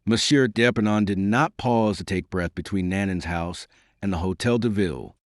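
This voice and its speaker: Here a man reads a novel aloud as scripted audiobook narration, pacing his storytelling in a measured, expressive way. The recording is dry and studio quality, and his voice is lowish.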